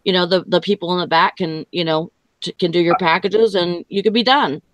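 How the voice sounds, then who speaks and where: A woman's voice: fairly low pitch, steady tone, fairly quick, dry recording, low-quality recording. A woman hosting a live talk show, rambling with lots of fillers. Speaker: host. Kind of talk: casual chat.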